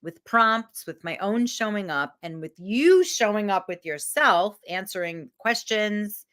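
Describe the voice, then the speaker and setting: A woman's voice: mid-range voice, a little slow. A woman coach giving a candid, emotional motivational talk to camera, swearing freely. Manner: animated.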